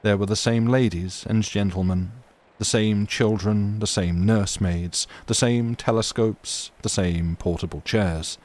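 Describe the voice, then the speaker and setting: A man reading a classic story aloud on a livestream, steady and measured. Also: lowish voice. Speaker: reader of classic fiction.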